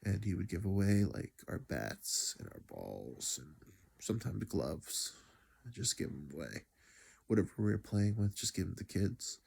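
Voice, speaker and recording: A man's voice: sits low, very animated, measured pace, gravelly, a little mellow, breathy edge. A grieving man telling a personal story in a reflective, rambling way, sighing and dropping to near-whispers. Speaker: vlogger.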